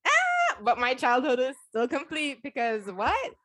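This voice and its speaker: A woman's voice: high-pitched, wildly swooping pitch, measured pace, fairly bright tone, slight background noise. Young woman in a teasing casual chat. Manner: playful, teasing, many ums and likes. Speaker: friend in a chat.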